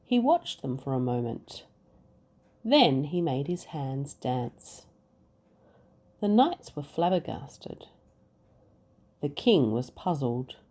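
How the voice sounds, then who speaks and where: A woman, a mother reading a picture book aloud to her children, expressive and acting out the sound effects. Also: extremely low pitch, slow, pauses often. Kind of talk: bedtime story reading.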